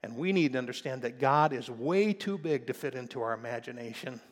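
A male pastor preaching a sermon, swinging from quiet explanation to loud, emphatic passages. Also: mid-range voice, lively intonation, fairly quick, big-room sound. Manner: preaching with rising intensity, shifting from quiet to loud.

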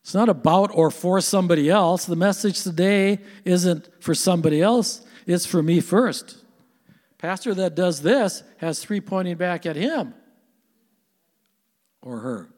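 An older man gives a sermon in a church sanctuary, his voice a bit higher than most men's. He preaches in an earnest, conversational way, often turning to his listeners with questions. The sound carries a long reverb from the hall. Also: unhurried, darkish tone. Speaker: pastor.

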